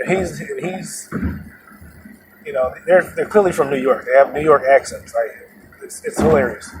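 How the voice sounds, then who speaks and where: A man who drives for rideshare and hosts the show, telling a story casually in an animated, repetitive way while laughing at it. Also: a little high. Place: inside a moving vehicle. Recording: noisy moving car.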